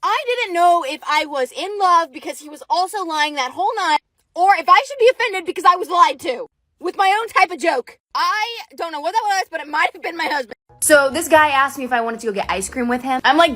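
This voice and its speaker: Young woman, high bright voice, animated storytime delivery with faint music underneath. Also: brisk. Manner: animated, acts out quoted lines. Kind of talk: casual storytime monologue.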